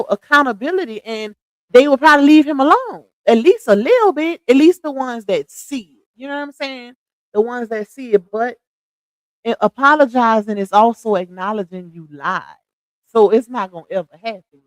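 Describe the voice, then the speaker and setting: Middle-aged woman, livestream host, sassy and quick to laugh, fairly high voice, dry close sound. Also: no room sound, poor audio. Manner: sassy, laughs often, drawls slang. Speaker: livestream host reading chat comments. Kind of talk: casual live-stream gossip chat.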